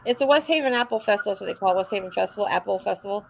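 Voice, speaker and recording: A woman hosting a casual livestream chat, telling a story with lively, acted-out dialogue. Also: mid-range voice, rapid-fire, vocal fry. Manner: animated storyteller, acts out quoted dialogue. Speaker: livestream host.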